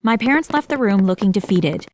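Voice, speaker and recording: A woman narrating a first-person animated story in a dramatic, expressive storytelling manner. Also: medium pitch, brisk.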